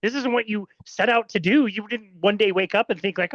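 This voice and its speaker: A man's voice: sits high, fairly quick, a bit bright, no echo, highs cut off. A man hosting a podcast interview, asking friendly questions. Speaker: podcast host.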